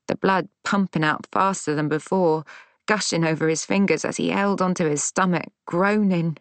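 A woman narrating a first-person audiobook in a measured, tense, dramatic way. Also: deep voice, no echo.

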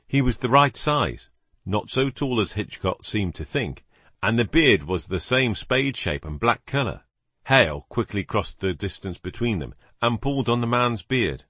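A man narrates a novel with measured, expressive pacing. His voice is low and husky and moves through a wide range of pitch. The recording is close and dry. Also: no echo. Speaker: audiobook narrator. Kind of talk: scripted narration.

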